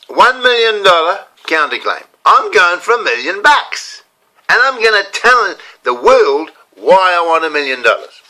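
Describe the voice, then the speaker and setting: Middle-aged man, New Zealand accent, ranting vlog monologue, lively swooping pitch, bright forceful tone. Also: low-quality recording. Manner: animated, ranting, reads a letter aloud with asides. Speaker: vlogger and motivational speaker.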